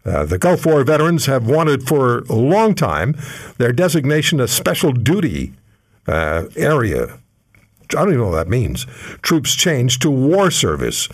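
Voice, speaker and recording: A man's voice: medium pitch, big pitch swings, a little slow. An older man, hosting a radio talk show and telling a story in an easy conversational way with fillers.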